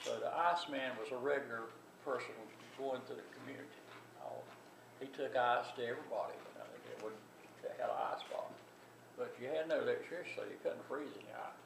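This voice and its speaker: A man's voice: medium pitch, brisk, gravelly. An older man telling a family story in a rambling, folksy way with many restarts. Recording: distant echoey recording with loud background noise.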